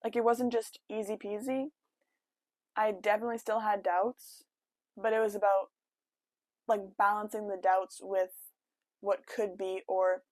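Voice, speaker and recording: A woman's voice: mid-range voice, fairly even intonation, a little slow, long pauses, dry recording. A young woman chatting casually to camera at home, telling a story with lots of "like" and quoted asides. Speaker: vlogger.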